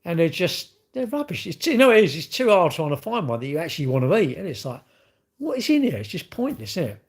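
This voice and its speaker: A man's voice: fairly high pitch, very animated, quick pace. A middle-aged man, rambling through casual live-stream chat and answering viewers' comments with strong opinions. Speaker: livestream host.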